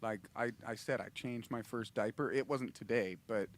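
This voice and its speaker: A man's voice: mid-range voice, moderate pace. A man hosting a casual livestream, rambling and laughing, restarting his sentences often. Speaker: host and musician.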